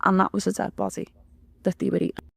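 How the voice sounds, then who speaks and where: A woman's voice: medium pitch, flat delivery, fast talker, vocal fry, husky. A woman, telling a personal story as an interview guest in a blunt, rambling way with lots of swearing.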